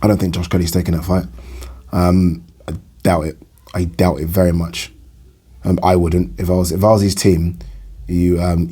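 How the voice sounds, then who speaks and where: Deep, dark and husky, the voice belongs to a young English boxing vlogger chatting by himself about boxing news. He rambles casually, repeating phrases and filling gaps with filler words.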